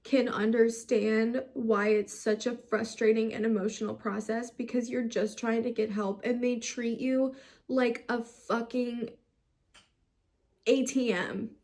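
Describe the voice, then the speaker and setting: A woman's voice: a little high, flat delivery, measured pace, darkish tone. A young woman from the United States tells her own story to camera, frustrated and close to tears, swearing as her emotions rise. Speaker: vlogger.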